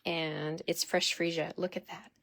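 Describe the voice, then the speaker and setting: A woman hosting a live craft demonstration, chatty and excitable, gushing over each product as she unpacks it. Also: on the low side, unhurried, gravelly.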